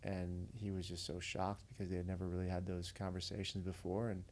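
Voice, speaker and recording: A man's voice: low voice, little pitch movement, a little fast, darkish tone, slight background noise. A man who is a veteran and podcast guest, earnestly telling a story in a casual, conversational way. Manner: earnest, conversational, retells dialogue.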